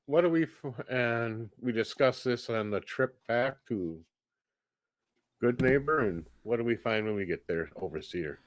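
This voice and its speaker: A man's voice: medium pitch, lively intonation, a little slow. A man playing a tabletop game in an easygoing, joking way. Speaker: player. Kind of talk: casual tabletop play.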